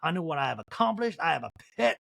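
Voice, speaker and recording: A man giving a slow, grandiose speech as a self-assured reality-TV woman in a comedic recap. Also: on the high side, very animated, gravelly, a bit bright, heavily acted.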